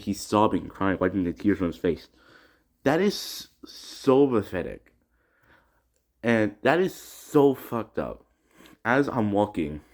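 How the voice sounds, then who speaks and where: A man's voice: on the low side, darkish tone. A teenage boy ranting in a personal vlog, agitated, often restarting his words and swearing. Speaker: student vlogger. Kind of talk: upset personal vlog rant.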